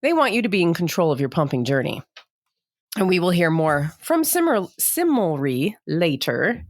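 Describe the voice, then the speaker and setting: A woman's voice: on the low side, very animated, moderate pace, dry recording. Chatty woman podcast co-host, dry sound. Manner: chatty, laughing, self-deprecating. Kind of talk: casual chat.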